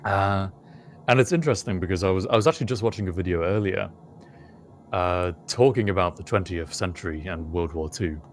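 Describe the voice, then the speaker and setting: A man's voice: low-pitched, brisk. A British man co-hosting a podcast, musing through a casual chat. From United Kingdom. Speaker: podcast co-host.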